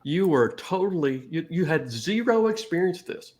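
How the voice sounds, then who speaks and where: A man's voice: a little high, lively intonation, moderate pace, a little mellow. A middle-aged man co-hosting a casual talk show, telling a family story and laughing often. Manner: tells stories with laughs. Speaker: co-host.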